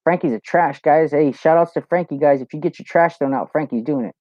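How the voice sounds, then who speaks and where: A man's voice: fairly high pitch, a little fast, a little mellow, no room sound. A man hosting a live Q&A, chatting loosely and profanely, telling stories and reading viewer comments. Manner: loose, profane, storytelling with lots of "you know". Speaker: host of a live Q&A show. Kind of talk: casual livestream chat, reading viewer comments. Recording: dull lo-fi, dry sound.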